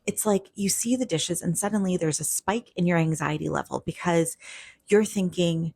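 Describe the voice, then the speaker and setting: A woman's voice: on the low side, normal speed, gravelly, darkish tone, slightly rough, dry recording. A woman couples counselor talking straight to her viewers in a casual, conversational way, acting out quoted lines from partners. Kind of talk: direct-to-camera explainer.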